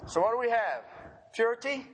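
Animated, laughing male preacher. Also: extremely high pitch, fairly quick, breathy edge. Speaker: pastor. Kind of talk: sermon.

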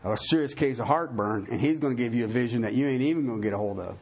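Preaching at a quick pace, this male pastor reads scripture aloud. His delivery swings between loud, rising emphasis and quiet, low-key folksy asides.

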